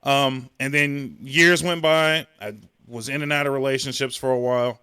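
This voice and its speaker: A man co-hosting a podcast, talking in a relaxed, casual way and laughing between remarks. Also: mid-range voice, normal speed, clean tone, no room sound, clean studio sound. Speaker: podcast co-host.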